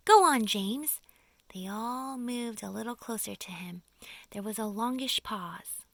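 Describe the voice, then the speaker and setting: A woman's voice: mid-range voice, measured pace, gravelly, a bit bright, no echo. A woman reading a children's audiobook expressively, dropping to a whisper for suspense. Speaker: audiobook reader.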